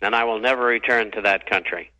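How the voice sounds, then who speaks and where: Older-sounding radio guest dude, low voice, lots of uh and um, kinda halting. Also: male voice, steady tone, bright, forceful tone, poor audio. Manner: halting, lots of uhs and restarts. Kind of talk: talk radio interview.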